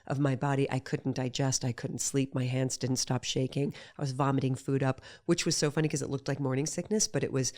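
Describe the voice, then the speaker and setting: A middle-aged woman, a guest in a casual conversation, talking in an animated way and acting out quoted voices as she tells her stories. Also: very deep voice, a little fast, hardly any pauses. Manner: animated storyteller who acts out quoted voices.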